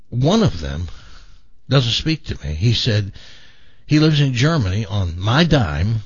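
A man's voice: lowish voice, husky, no room sound, dull audio. An older man hosting a talk show, telling a long personal story with many stammering restarts. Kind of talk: storytelling in casual chat.

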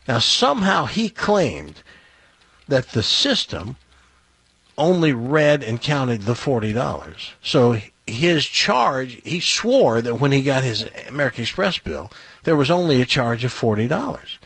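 Man, storyteller, talk show host, slightly husky, dry close sound. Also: mid-range voice, a little slow, dry recording. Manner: animated anecdotal storytelling with acted quotes.

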